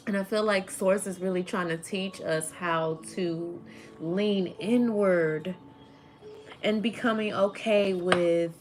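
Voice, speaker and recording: Slow, rambling woman reading tarot. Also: on the low side, steady tone. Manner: rambling, emotional, says "like" often. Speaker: tarot reader. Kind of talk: spiritual tarot reading to viewers.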